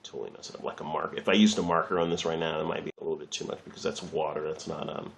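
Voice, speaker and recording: Rambling low-voiced man teaching art. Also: level tone, very fast, gravelly, slight background noise. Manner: rambling, chatty, swears lightly, laughs at himself. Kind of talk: casual drawing lesson.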